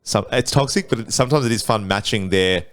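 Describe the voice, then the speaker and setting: A man's voice: on the low side, fast, a bit bright. Rambling man sharing opinions. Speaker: podcast panelist. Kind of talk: casual chat.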